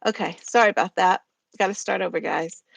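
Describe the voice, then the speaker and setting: Her voice is lowish with vocal fry, and she talks briskly as she hosts a poetry livestream, explaining the rules in a rambling, conversational way. She laughs easily, and the recording is dry.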